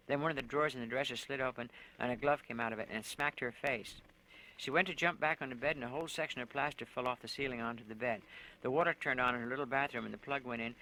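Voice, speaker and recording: A man's voice: medium pitch, sharp tone, slight background noise, rough recording. A man reading his own fiction aloud in plain storytelling, through a tough teenage narrator's voice.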